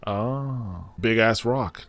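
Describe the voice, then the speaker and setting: A man hosting a casual anime reaction, excitable and slangy, exclaiming at the screen. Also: fairly low pitch, extremely slow, faint music behind. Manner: slangy, says dude and bro a lot. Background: anime audio playing faintly.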